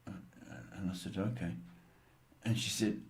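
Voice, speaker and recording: A man hosting a livestream psychic reading, giving advice in a slow, rambling way with many fillers and fond names for his callers. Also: mid-range voice. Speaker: psychic reader and show host.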